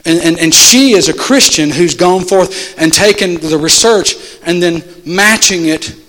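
A man preaching a sermon as pastor, pleading with his church in rising shouts, then dropping to soft, intimate asides. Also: sits high, unhurried. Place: church sanctuary. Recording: long hall reverb.

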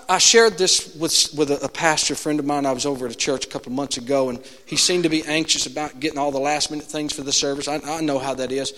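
High-voiced preacher in an echoing hall. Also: male voice, fast talker, few pauses. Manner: animated storytelling, swinging from hushed to shouting. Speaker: pastor. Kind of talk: sermon. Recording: long reverb of a large hall.

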